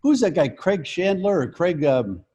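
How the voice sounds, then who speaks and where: Animated older man telling stories. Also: sits high, slightly rough. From Colorado. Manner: animated, acts out quotes, halting restarts. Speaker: guest comedian. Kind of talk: casual chat.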